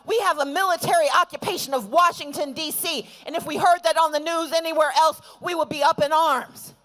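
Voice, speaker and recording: High-voiced woman giving a rally speech. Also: fairly quick, fairly bright tone. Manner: rousing, call-and-response chanting. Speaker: rally speaker. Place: outdoor rally.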